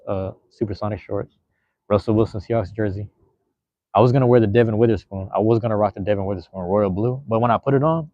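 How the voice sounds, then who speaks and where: A man's voice: fairly low pitch, dry recording, highs cut off. A man hosting a casual solo livestream, rambling in a laid-back, slangy way. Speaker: livestream host.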